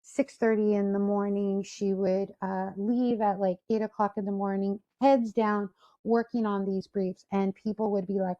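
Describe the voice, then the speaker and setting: A woman's voice: medium pitch, moderate pace, muffled recording. A woman giving a career talk on a video call, telling a story and acting out the people in it. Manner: storytelling, animated quoted voices. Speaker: speaker. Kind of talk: career talk to an online audience.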